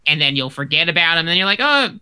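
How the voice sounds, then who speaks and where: A man in casual chat with friends, opinionated and animated, often repeating words as he starts a sentence. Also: on the high side, very fast, clear, resonant tone.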